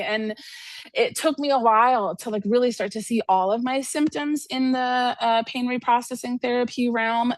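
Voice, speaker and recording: A woman's voice: mid-range voice, dry recording. A woman therapist telling a candid personal story as a guest, talking casually with many fillers.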